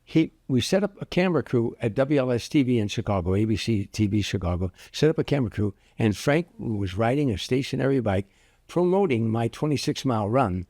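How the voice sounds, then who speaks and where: An older man, a comedian guest, telling anecdotes in an interview with lively restarts. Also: medium pitch, a little fast, no echo, clean studio sound. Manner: anecdotal, animated with repeated restarts. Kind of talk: storytelling interview.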